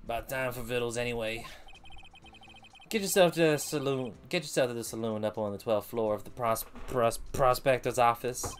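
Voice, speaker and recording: A man's voice: mid-range voice, smooth, natural voice. A man putting on a drawling cowboy detective. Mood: swaggering. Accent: put-on cowboy drawl. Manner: slow drawl, folksy bravado.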